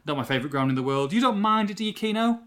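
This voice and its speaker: Slightly high male podcast co-host, lively storyteller, pokes fun at himself. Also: very fast. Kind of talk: casual podcast chat.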